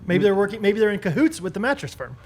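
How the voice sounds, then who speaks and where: A man's voice: high voice, fast talker. Chatty young man telling stories. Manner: laughs often, animated storytelling. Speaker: podcast co-host. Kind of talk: casual chat.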